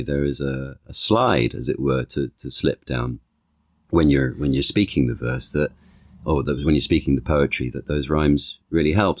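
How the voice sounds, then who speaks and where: A man with a strikingly low, deep voice speaks as a podcast guest, thinking aloud, restarting phrases and reaching for analogies. The sound is close and dry, with no room around it. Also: no room sound. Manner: thoughtful, halting, with frequent restarts and analogies. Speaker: guest, actor and author. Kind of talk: conversational podcast interview.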